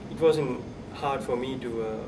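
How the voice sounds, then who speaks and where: A man's voice: medium pitch, moderate pace, a little mellow. Hesitant man, distant and noisy. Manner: hesitant, many uhs, laughs often. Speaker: interviewee, international worker. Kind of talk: casual interview answers.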